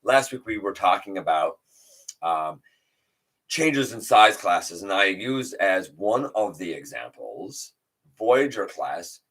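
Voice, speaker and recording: A man with a low voice that has a bright, forceful edge hosts a relaxed livestream from his home setup. He rambles a little, greets viewers by name and reads their chat comments back to them. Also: slow, breathy edge. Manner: rambling with fillers and restarts. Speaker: livestream host.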